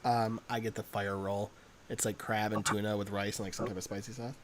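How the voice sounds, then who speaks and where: A man's voice: lowish voice, flat delivery, a little hiss or hum. Teasing young man on a podcast. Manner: teasing, quick to laugh. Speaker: podcast co-host. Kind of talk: casual chat.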